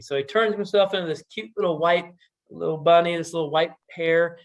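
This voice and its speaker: Man, storyteller, casual, relaxed, animated, slightly higher voice. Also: brisk. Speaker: storyteller at community meeting.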